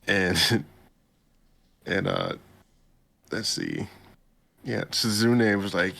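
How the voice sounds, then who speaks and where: A man hosting a podcast, casually recapping an anime episode in a laid-back, slangy way and jumping up in pitch to quote the characters. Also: wildly swooping pitch, drawn-out words, vocal fry, long pauses, bright, forceful tone. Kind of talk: casual chat.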